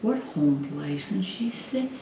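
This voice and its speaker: Lively storytelling woman, roomy and distant. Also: fairly low pitch, takes it slowly. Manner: lively, acts out quoted voices, laughs often. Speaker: homeowner telling a family story. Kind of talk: casual storytelling. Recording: roomy, distant, faint noise.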